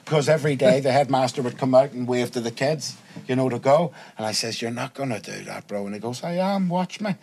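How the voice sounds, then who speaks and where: A man's voice: mid-range voice, quick pace, gravelly, husky. A man guesting on a casual podcast, telling school stories with lots of swearing and acted-out voices. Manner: animated storytelling, swears freely, acts out quoted voices.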